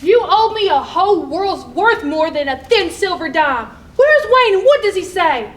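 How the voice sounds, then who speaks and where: A woman's voice: very high voice, sing-song, moderate pace. A young woman playing an exasperated, suspicious girl. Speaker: stage actor. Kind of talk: live stage play acting.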